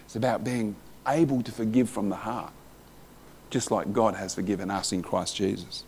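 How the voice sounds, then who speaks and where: A man's voice: on the low side, fairly even intonation, moderate pace, vocal fry, darkish tone, a little hiss or hum. A man preaching a sermon in a conversational way, reading scripture aloud and asking the listeners questions.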